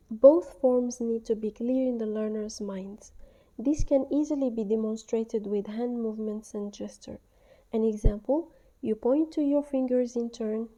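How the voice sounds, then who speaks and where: A woman who trains English teachers records an instructional voice-over in a dark, mellow, slightly high voice. She speaks clearly and deliberately, exaggerating model classroom phrases.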